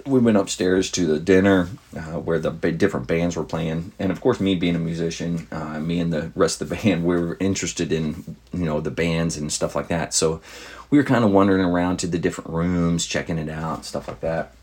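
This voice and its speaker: This podcast host speaks fairly quickly, his deep, low-set voice carrying a husky, slightly rough edge. His long, relaxed anecdote wanders along, full of fillers and restarts, in the easy tone of a host talking to his audience.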